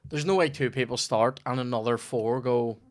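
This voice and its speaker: A young man, a comedian hosting a podcast, telling a sweary anecdote that drops to a mutter and then rises to a shout. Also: mid-range voice, normal speed, dry recording, studio quality. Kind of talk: casual storytelling chat.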